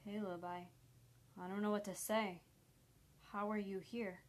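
A woman reading the lines of a shaken, imprisoned father who speaks haltingly. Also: mid-range voice, level tone, lightly acted. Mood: stunned. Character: shaken imprisoned father, middle-aged man.

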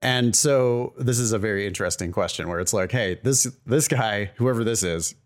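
Guy co-hosting a podcast, chatty and jokey, lots of little asides. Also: on the low side. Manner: chatty, joking, quick asides. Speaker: podcast co-host. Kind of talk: casual podcast chat.

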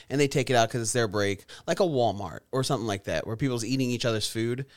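A man's voice: medium pitch, fast, few pauses, no room sound, clean studio sound. A man co-hosting a podcast in casual chat, joking around, teasing and swearing freely. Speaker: podcast co-host.

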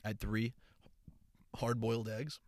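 A man's voice: lowish voice, level tone, a little slow, slight background noise. A young man chatting casually to his online followers, rambling and swearing freely, upbeat and earnest. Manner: rambling and profane, with frequent restarts. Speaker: content creator. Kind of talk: casual chat.

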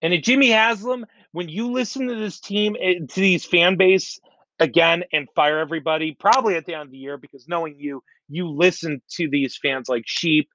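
A man's voice: on the high side, moderate pace, bright, forceful tone, no echo. A man ranting bluntly about football fans in a sports commentary, exasperated and repeating his points over and over. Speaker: sports podcaster.

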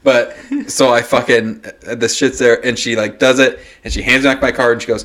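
A man's voice: mid-range voice, normal speed. A man casually telling a story on a podcast, swearing freely and breaking into laughter. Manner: profane, animated storytelling with bursts of laughter.

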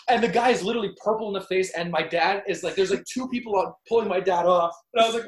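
Young guy, somewhat high voice, roomy echo, energetic storyteller. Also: fast, few pauses. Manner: excitable, swears often. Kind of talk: casual storytelling chat.

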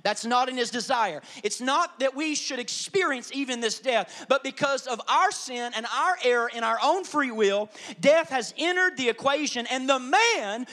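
A man pastor delivering an animated sermon, dropping to hushed asides and rising to loud emphasis. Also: very high voice, normal speed.

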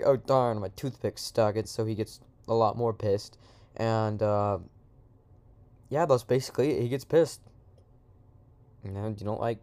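Rambling young-sounding man, smooth voice. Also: on the low side, darkish tone. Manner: rambling, slangy, full of "like" and asides. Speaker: storyteller. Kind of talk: improvised comic storytelling.

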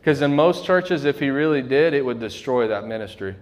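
A young adult man preaching a fervent sermon as pastor, slowing down to stress key lines. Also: mid-range voice, animated.

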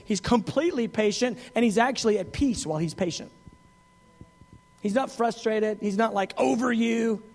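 A man preaching a sermon in an animated, conversational way, with frequent asides and acted quotes. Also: high-pitched.

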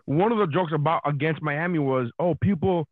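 A man's voice: fairly high pitch, a little fast, no room sound, narrow, tinny audio. A man, a comedian, chatting casually on a podcast and telling stories animatedly, acting out his own reactions.

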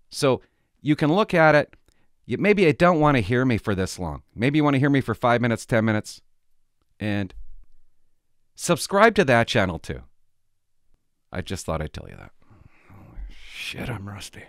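A man's voice: medium pitch, fairly bright tone, no room sound, clean studio sound. A middle-aged man vlogging, telling rambling stories in casual chat with many restarts.

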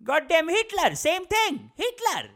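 A man voicing his grumpy, old-fashioned father, shouting in a strained, high voice. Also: wildly swooping pitch, a little slow, heavily acted. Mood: outraged.

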